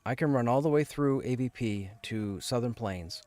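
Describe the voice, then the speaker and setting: A man's voice: mid-range voice, moderate pace, mellow. A man streaming an online game, talking casually with his chat and sharing strong opinions while often restarting his sentences.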